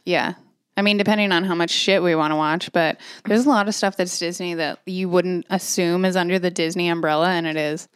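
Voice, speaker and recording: A young woman talks casually in a relaxed drawl full of fillers. Her voice sits a little low and sounds smooth and clear, with a dry, close sound. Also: a little fast, no room sound. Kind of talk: casual chat.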